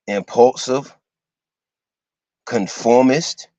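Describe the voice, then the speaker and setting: A man giving an informal lecture to his listeners, halting and full of fillers, spelling out terms letter by letter. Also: mid-range voice, warm tone, no echo, dull audio. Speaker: host teaching a class.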